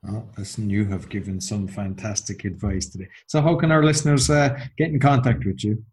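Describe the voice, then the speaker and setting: A man's voice: fairly low pitch, fairly even intonation, a little fast, a little mellow, a little hiss or hum. A man hosting a podcast interview, speaking with frequent hesitations. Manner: hesitant, many "uh" fillers. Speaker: podcast host.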